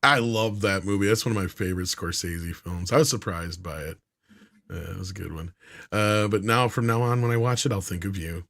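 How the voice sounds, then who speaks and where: A man's voice: sits low, fairly quick, gravelly, a bit bright. A man hosting a casual panel chat, reading out viewer comments and joking with the others. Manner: laughs often, loose and joking.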